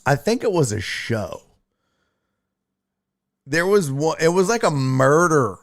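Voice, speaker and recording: Man, sports stream host, blunt and profane, lively swooping pitch, unhurried delivery. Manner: profane, blunt, animated, mocking. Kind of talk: casual sports talk stream, reading chat.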